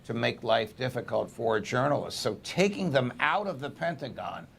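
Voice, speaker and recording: A man's voice: mid-range voice, expressive, moderate pace, creaky, fairly bright tone, a little hiss or hum. A male media pundit giving firm, assertive commentary in an interview.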